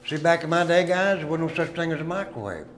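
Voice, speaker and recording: A man's voice: fairly high pitch, animated, fast, slight background noise. A man who served time, giving a dramatic, folksy storytelling tour and calling his listeners guys. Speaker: former inmate giving a prison tour. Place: inside an old prison. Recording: long echo of a stone hall.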